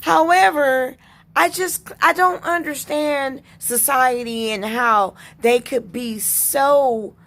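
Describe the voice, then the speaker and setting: A woman vlogger telling a personal story in an indignant, unhurried way, with pauses and restarts. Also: high-pitched, fairly bright tone.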